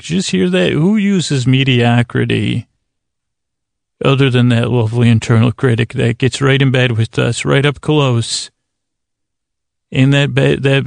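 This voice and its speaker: In a mid-range voice with no room sound, a man hosting a sleep podcast gives a meandering, self-deprecating late-night intro. He speaks in creaky, dulcet tones, close and personal to the listener.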